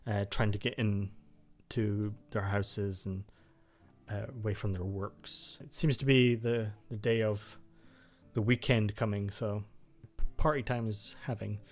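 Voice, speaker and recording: A man's voice: fairly low pitch, steady tone, unhurried. A man narrating as game master, loose and full of fillers.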